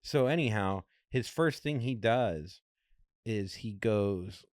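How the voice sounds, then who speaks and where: Low-voiced man telling a jokey story. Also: takes it slowly, no echo, studio quality. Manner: animated, jokey, acts out quotes in other voices. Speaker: podcast co-host. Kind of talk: casual comedic storytelling.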